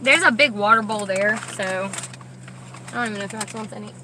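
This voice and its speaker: A young woman chatting casually from a parked car, rambling, talking in a high baby voice to her dogs between asides. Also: fairly quick, sharp tone, slight background noise, low-quality recording. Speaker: vlogger with service dogs. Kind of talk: casual chat.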